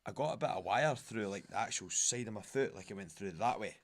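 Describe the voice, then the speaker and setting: A man's voice: lowish voice, animated, fairly quick. A young Scottish man, a fighter, chatting casually as a podcast guest and telling rambling stories in broad colloquial speech. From Scotland.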